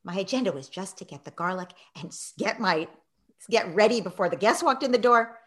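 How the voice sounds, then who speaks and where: Animated woman telling a lively story. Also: mid-range voice, brisk. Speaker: guest, parenting author. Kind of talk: storytelling in a conversation.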